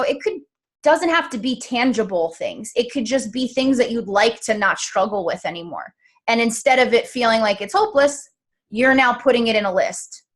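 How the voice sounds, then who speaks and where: A woman's voice: a little high, fairly bright tone. A woman in her thirties hosting a casual live stream, talking straight to her viewers in a chatty, encouraging way. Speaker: host.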